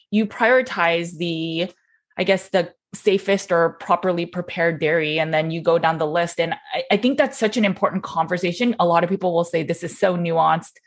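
A woman hosting a podcast interview, talking in a conversational, affirming way. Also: fairly low pitch. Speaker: podcast host.

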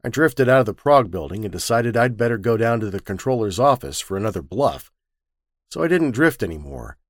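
A man narrating a first-person story with a wisecracking, lively storytelling manner. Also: fairly low pitch, a little fast, dry recording, clean studio sound.

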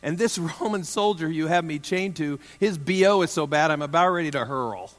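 A preacher acting out an imprisoned apostle who complains to God in an exasperated, whining voice. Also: male voice, fairly high pitch, moderate pace, big-room sound, lightly acted. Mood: indignant complaint. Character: aggrieved imprisoned apostle, adult man, complaining.

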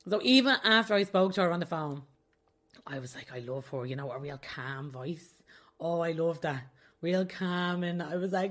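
A woman's voice: deep voice, a little fast. A young adult woman hosting her own podcast, talking candidly and confessionally in a casual way and often laughing mid-sentence. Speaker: podcast host. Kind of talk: casual solo podcast talk.

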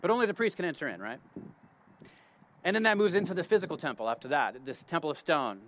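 A man with a fairly high voice teaching scripture outdoors in his garden. His delivery is loose and conversational, with restarts and quick "right?" check-ins. He speaks like a friend explaining something rather than preaching from a pulpit. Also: big pitch swings, a bit bright, a little hiss or hum. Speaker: teacher of a Bible talk. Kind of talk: casual spoken Bible teaching.

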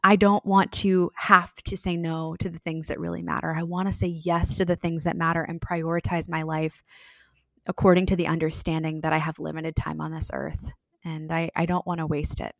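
A woman's voice: low voice, little pitch movement, normal speed, vocal fry, fairly bright tone, no echo, clean studio sound. A woman in her thirties speaking earnestly and reflectively as a podcast guest, with many fillers and restarts. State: briefly tearful. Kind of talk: heartfelt podcast conversation.

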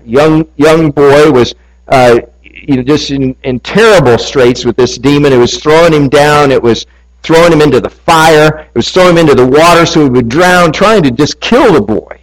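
A man's voice: fairly high pitch, low-quality recording. A male pastor preaching a sermon, telling a story, reading scripture and asking his congregation questions. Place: church.

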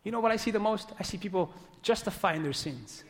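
Impassioned high-voiced male preacher. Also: animated, a little fast, big-room sound. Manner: impassioned, swings from loud exhortation to hushed earnest pleading. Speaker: pastor. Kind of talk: sermon. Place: church sanctuary.

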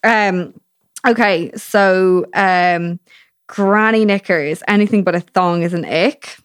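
A woman's voice: slow pace, clean tone, no echo. Young woman, chatty and sweary, dry close sound. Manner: chatty, swears a lot, laughs often, high baby-talk impressions. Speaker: podcast host. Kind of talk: casual chat.

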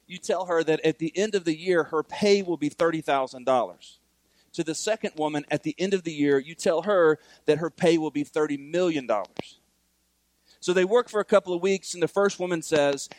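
A man's voice: a little high, darkish tone, no room sound. Earnest man preaching a sermon. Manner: earnest, repeats key points for emphasis. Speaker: pastor.

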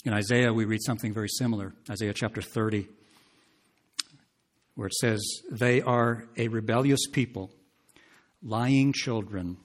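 A man's voice: fairly low pitch, steady tone, normal speed, long pauses. A man preaching an expository sermon, talking conversationally, asking his listeners questions and reading scripture aloud with rising emphasis.

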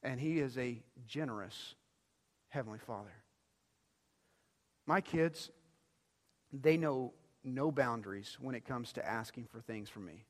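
A middle-aged pastor delivering a sermon, swinging between quiet, intimate phrases and loud, emphatic ones, often repeating words as he builds a point. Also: medium pitch, unhurried, pauses often. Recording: long reverb of a large hall.

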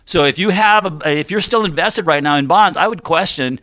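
A man's voice: a little high, normal speed, bright, forceful tone. A middle-aged man hosting a financial radio show, explaining things step by step in a chatty, joking way with frequent fillers. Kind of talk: conversational radio talk.

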